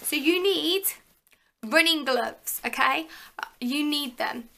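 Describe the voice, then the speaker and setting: A woman's voice: high-pitched, slow pace, vocal fry, sharp tone. A young woman from England chatting casually to viewers as a fitness vlogger, full of fillers and asides. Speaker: fitness vlogger, personal trainer. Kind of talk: casual show-and-tell vlog.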